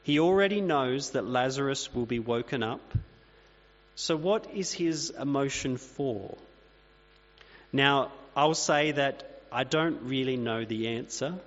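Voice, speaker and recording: Guy giving a sermon, chatty and plain, long echo from the hall, muffled recording with a hum. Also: mid-range voice. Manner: conversational, plain-spoken preaching with asides. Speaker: pastor. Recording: dull reverberant hall recording with mains hum.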